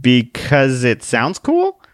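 A man's voice: high-pitched, wildly swooping pitch, moderate pace, a bit bright, dry recording, studio quality, voice pushed up, exaggerated voice. A man voicing an irritable, suspicious grown man who answers with short questions.

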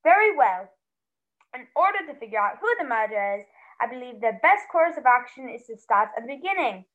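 A woman acting as a butler in a stage play, recapping a murder mystery in a fast, theatrical way. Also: a little high, big pitch swings, a bit bright, dull audio. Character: butler narrating the murder case, brisk and theatrical.

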